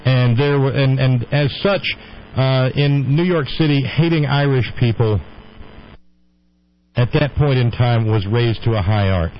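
A man's voice: medium pitch, a little slow. Guy rambling on his radio show, opinionated, dull muffled sound with a faint hum underneath. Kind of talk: casual on-air monologue.

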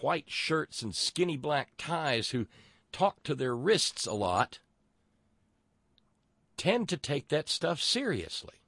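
Middle-aged male host, sardonic political rant, swinging pitch, dry close sound. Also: a bit bright, no room sound. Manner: sardonic, profane, stammering restarts. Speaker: podcast host. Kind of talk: political commentary monologue.

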